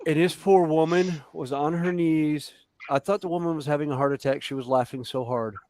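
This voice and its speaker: Casting: Southern US man, slightly higher voice, animated storyteller for casual chat. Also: brisk, no room sound. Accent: American Southern.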